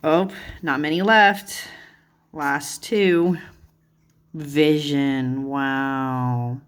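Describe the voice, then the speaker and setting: Woman flipping through cards, gushes over everything, low-ish voice, takes her time. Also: fairly even intonation, extremely slow, smooth. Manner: gushing, easily delighted, lots of "like" and "oh my goodness". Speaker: tarot channel host. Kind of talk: chatty deck flip-through.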